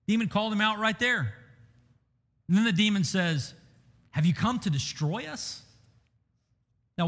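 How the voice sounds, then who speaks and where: High-voiced man preaching in a reverberant hall. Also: fairly bright tone, breathy edge. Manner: emphatic, conversational preaching with rhetorical questions. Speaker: pastor. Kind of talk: sermon.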